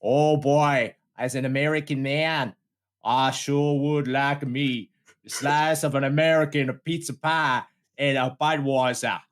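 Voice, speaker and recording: A man's voice: a little high, lightly acted. A man hamming up a pompous Brit faking an American. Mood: hammy. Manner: slow, mannered, theatrical drawl.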